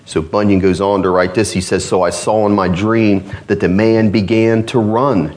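A man's voice: fairly even intonation, moderate pace, hardly any pauses, darkish tone. A man preaching a sermon, reading an old allegory aloud with dramatic rises on the characters' cries. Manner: reads old-fashioned text dramatically, rising pitch on cries.

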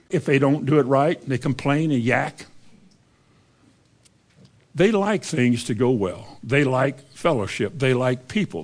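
A man, preaching a sermon in a folksy, conversational way and reading scripture aloud. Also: fairly high pitch.

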